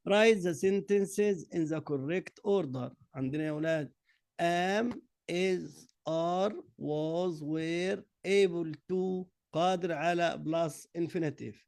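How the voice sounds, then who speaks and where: In a classroom lesson blending Arabic and English, a male English teacher with an Egyptian accent, whose first language is Arabic, reads answers out one word at a time at a slow, deliberate drilling pace. His high voice is creaky and a little mellow, recorded dry and close with no room sound.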